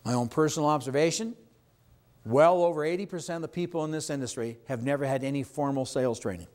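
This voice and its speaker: Man, slightly high voice, emphatic seminar trainer, keeps checking in with the room. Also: fast, darkish tone. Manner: emphatic, asks the audience questions. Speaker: real estate sales trainer. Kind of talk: live sales training seminar.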